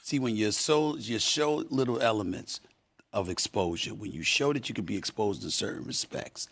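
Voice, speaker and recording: A man's voice: mid-range voice, expressive, moderate pace, fairly bright tone. Emphatic male sports debate host. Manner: emphatic, preachy, repeats phrases for effect.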